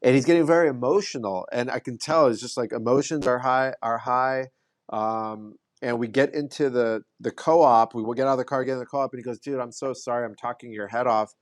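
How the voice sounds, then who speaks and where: A man at a mid pitch, a podcast guest speaking in relaxed conversation. He tells his story earnestly and keeps restarting phrases. His voice is close and dry, with no room sound. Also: fairly quick, no echo. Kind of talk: casual conversation.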